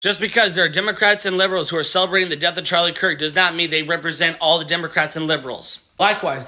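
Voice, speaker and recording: A man with a high, ringing voice talks straight to camera in an earnest opinion monologue. He is measured and calm as he appeals for common ground. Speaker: commentator.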